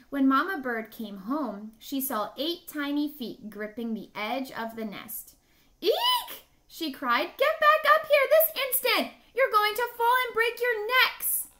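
A woman teacher reads a children's picture book aloud at an unhurried, deliberate pace. She pauses to quiz her listeners and cheers them on, and her voice sounds bright and clear, pitched a little high. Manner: encouraging, asks listeners questions and praises answers. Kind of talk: children's story read-aloud lesson.

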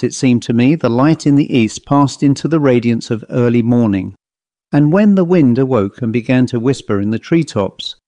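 Male audiobook narrator, mid-pitched, measured ghost-story reading, dry close mic. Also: warm tone, no room sound.

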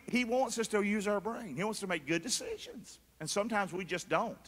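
Man, pastor preaching, energetic call-and-response, high voice, long church reverb. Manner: energetic, calls for crowd response; mocking voices for foolish people. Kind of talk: sermon. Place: large church hall.

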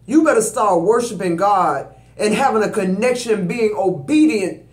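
A guy reading tarot talks in a high voice at a moderate pace, using AAVE and preaching emphatically as he speaks to viewers directly. The room's sound is echoey.

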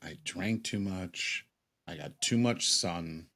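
A man's voice: sits low, slow pace, sharp tone, a little hiss or hum. A middle-aged man telling a rambling, joking story in a casual chat, swearing freely. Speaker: co-host.

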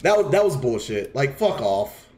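A man's voice: mid-range voice, very animated, normal speed, a little mellow, a little hiss or hum. A man streaming a game live, casually explaining strategy while teasing the players on screen and swearing freely. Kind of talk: live gameplay commentary.

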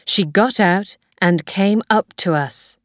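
A woman narrating a graded reader story in a slow, clear, careful way. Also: medium pitch, dry recording, clean studio sound. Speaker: audiobook narrator.

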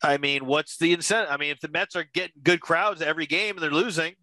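A man co-hosting a casual sports chat, asking questions and musing out loud. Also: fairly high pitch, fast, no echo. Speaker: show co-host.

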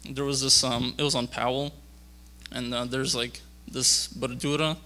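A young man giving a rambling personal testimony at a church youth conference, halting and full of fillers and restarts. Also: medium pitch, little pitch movement, bright, forceful tone. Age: young adult.

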